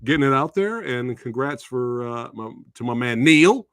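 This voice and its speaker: A man's voice: mid-range voice, expressive, moderate pace, a bit bright, clear, resonant tone, no room sound, studio quality. A man hosting a casual interview, laid-back and jokey as he hypes up his guest. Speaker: interview host.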